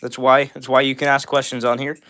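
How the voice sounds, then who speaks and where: Here a young man speaks fairly quickly in a level, mid-range voice with a fairly bright tone. Hosting a live stream, he reads out comments from viewers and responds in an upbeat, friendly manner, leaning heavily on "all right" and "bro."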